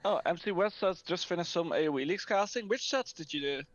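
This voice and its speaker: A man's voice: high-pitched, quick pace, dry recording. A man casting an esports match in a chatty, casual way, reading out viewer chat, heard over an online voice call. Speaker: esports caster. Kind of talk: casual game commentary. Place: home setup on an online voice call. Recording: dull, dry voice-chat audio.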